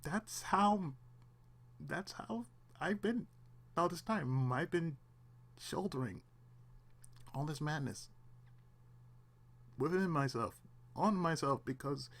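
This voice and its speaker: A man hosting his own channel, alone at home, giving a raw, halting confessional monologue on the verge of tears, with pauses, restarts and the odd swear. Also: fairly high pitch, slightly rough. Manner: halting, repeats himself, long pauses, swears. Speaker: channel host.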